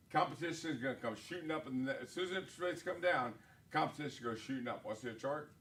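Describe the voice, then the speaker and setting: A man's voice: medium pitch, a bit bright. Emphatic man coaching real estate agents. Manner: emphatic, punchy, full of rhetorical questions. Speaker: brokerage leader training real estate agents. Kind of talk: live sales training talk. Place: corporate studio.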